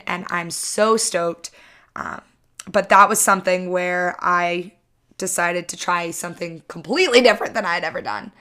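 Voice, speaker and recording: A woman's voice: on the low side, fairly bright tone. A woman in her twenties hosting her own podcast, talking alone in an upbeat, chatty way and teasing herself now and then. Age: 20s. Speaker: podcast host. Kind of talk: solo podcast monologue.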